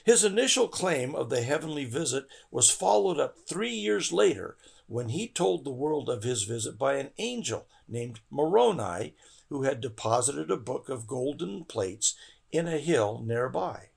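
A man's voice: medium pitch, sing-song, unhurried, vocal fry, slightly rough. A man hosting a scripture study podcast, speaking in an earnest, devotional way. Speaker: podcast host.

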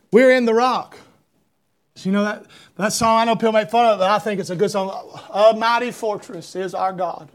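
High-voiced Southern preacher rambling through stories. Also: male voice. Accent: Southern US, Georgia. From Georgia, US. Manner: rambling, self-deprecating, stumbling restarts, rising to shouts. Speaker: pastor. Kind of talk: sermon with personal stories.

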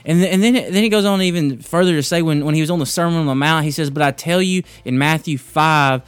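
A man hosts a casual devotional talk, halting and restarting often as he tells a joke and then talks through scripture. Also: a little high, clear, resonant tone, dry recording, faint music behind. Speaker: podcast host.

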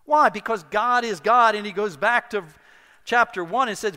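A middle-aged male pastor preaching a sermon, telling a personal story with animated, self-deprecating humor. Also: high-pitched, normal speed. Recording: long hall reverb.

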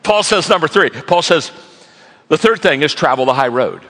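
A man preaching a sermon, telling stories with lively energy and acting out the people in them. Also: on the high side, moderate pace, big-room sound. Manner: animated storytelling, acting out characters. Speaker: guest speaker.

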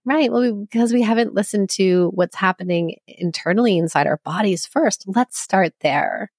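Speaking at normal speed with hardly any pauses, the psychologist and couples therapist uses a mid-range, darkish voice in this conversational podcast interview. She reassures listeners earnestly with everyday examples, and the recording is dry and of studio quality.

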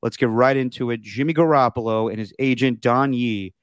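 A man's voice: mid-range voice, fairly quick, smooth, no echo, clean studio sound. A man co-hosting a podcast in casual sports chat, jokey and prone to silly impressions. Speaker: podcast co-host.

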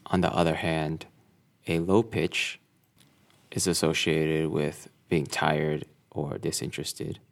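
A man giving a scripted lesson in a measured, deliberate way. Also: very deep voice, level tone, gravelly. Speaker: instructor.

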